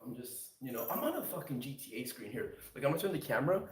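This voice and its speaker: A man's voice: mid-range voice, animated, quick pace, echoey room, far from the mic, poor audio. A young man streaming late at night from a house, rambling casually and swearing in a laid-back way.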